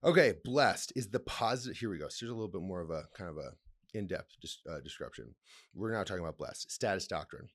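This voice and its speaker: A man's voice: low-pitched, lively intonation, fast talker. Playful laughing male podcast host. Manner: laughs often, swears, reads aloud and comments; playful, rambling. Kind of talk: casual solo podcast talk.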